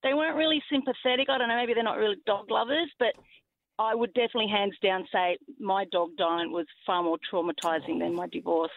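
A woman's voice: mid-range voice, steady tone, creaky, no room sound. Earnest woman caller on a tinny line. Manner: earnest, emotional, halting. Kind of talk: phone-in call.

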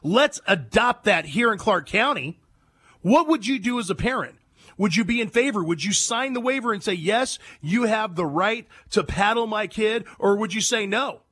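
Animated, bright-voiced male radio host. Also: sits high, normal speed, breathy edge, no echo. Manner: emphatic, rhetorical questions, animated storytelling. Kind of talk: talk radio monologue.

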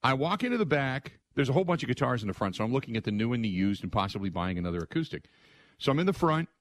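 A middle-aged man hosting a sports radio show, telling stories in an excitable, conversational way and acting out other people's lines. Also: medium pitch, rapid-fire, no echo. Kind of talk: animated storytelling monologue.

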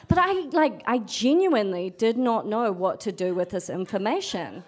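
A woman's voice: medium pitch, animated, moderate pace. A young adult woman telling a true story at a storytelling event, frank and sweary, acting out what people said. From New Zealand. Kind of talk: live storytelling.

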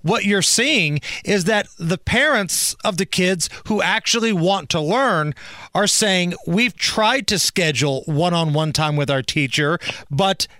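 A man co-hosting a political talk radio show, wry and quick with his comments. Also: high voice, pushed and bright. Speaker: radio co-host.

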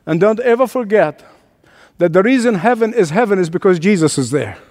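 Man, pastor, high voice, emphatic repetitive preaching, long hall reverb. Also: expressive, fairly quick, a little mellow. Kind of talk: sermon.

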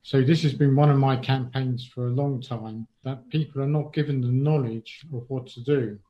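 A man's voice: mid-range voice, fairly even intonation, normal speed. A man living with Parkinson's answering interview questions in a chatty way, with frequent ums and sort ofs. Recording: dull lo-fi sound.

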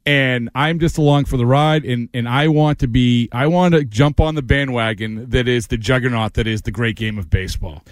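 A man's voice: mid-range voice, moderate pace, few pauses, no room sound. Male sports radio host, emphatic and repetitive, dead-dry studio sound. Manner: emphatic, repeats himself, restarts often. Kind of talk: casual sports talk.

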